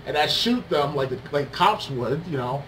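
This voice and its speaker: An excitable young man chatting about games on a podcast, his voice sits a little high and swings widely as he acts out reactions. A faint hiss of noise runs under the recording. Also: normal speed, rough recording. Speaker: podcast co-host. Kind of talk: casual gaming podcast chat.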